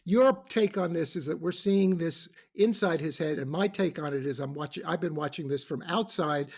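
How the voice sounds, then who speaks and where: Husky, halting man lecturing. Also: fairly high pitch. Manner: halting, with many fillers and restarts; lecturing like a professor. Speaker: guest prosecutor in a mock trial. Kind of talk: casual podcast debate.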